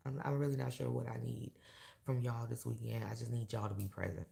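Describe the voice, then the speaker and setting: A woman talking candidly to her viewers in a casual vlog, emotional and blunt, swearing freely and working herself up into loud rants. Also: rumbling low, flat delivery, fairly quick, vocal fry. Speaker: vlogger and awards show host. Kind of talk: casual direct-to-camera vlog.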